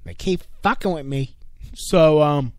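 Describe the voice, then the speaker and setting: A man's voice: fairly high pitch, unhurried, dry recording, clean studio sound. A man hosting a casual online radio show, ranting with a lot of swearing, stumbles and filler words. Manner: profane, rambling, many fillers and restarts. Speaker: podcast host. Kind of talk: casual comedic rant.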